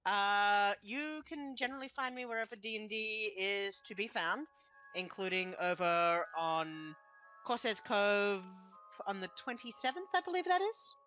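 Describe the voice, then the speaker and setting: A woman's voice: mid-range voice, unhurried, sharp tone, soft background music. A woman tabletop player chatting casually before a game, cheerful and enthusiastic. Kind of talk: casual stream chat. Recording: muffled lo-fi mic.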